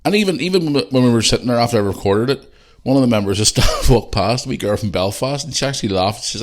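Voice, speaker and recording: A middle-aged man with a Northern Irish accent hosting a podcast, rambling and swearing, and growing heated and loud. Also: mid-range voice, animated, quick pace. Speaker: podcast host. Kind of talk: casual monologue.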